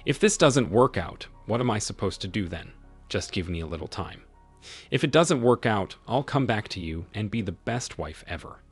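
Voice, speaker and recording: A man voicing a wife in her forties who is leaving her husband, speaking in his own low, husky voice with lively pitch. The lines are read in a calm, pleading manner. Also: normal speed, no room sound, faint music behind.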